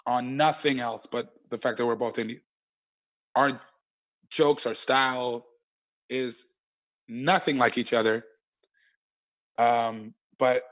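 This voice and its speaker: A man, a stand-up comedian, telling stories in an animated, slangy and profane way as an interview guest. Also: medium pitch. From Canada. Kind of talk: casual interview chat.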